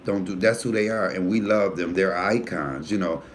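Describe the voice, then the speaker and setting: A man who is a comedian hosting his own live stream, chatting casually and frankly, with animated storytelling and cussing. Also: normal speed, slight background noise. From United States. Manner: animated storytelling, voice jumping high for quoted friends; profanity-laced, frank. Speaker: comedian and YouTube host.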